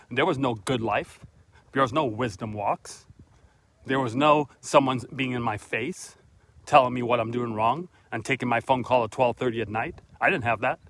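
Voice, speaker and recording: A man's voice: medium pitch, moderate pace, fairly bright tone, a little hiss or hum. Earnest middle-aged man preaching on a walk. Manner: earnest, preachy, talks straight to viewers. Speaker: motivational vlog host. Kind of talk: casual motivational monologue on a walk. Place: outdoors on a walk, then at his front door. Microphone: phone camera held by the speaker.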